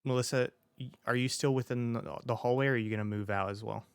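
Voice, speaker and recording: Smooth-voiced male game master. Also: medium pitch, fairly even intonation, fast talker, dry recording. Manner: hesitant, many ums and restarts. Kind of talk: narrating a tabletop game.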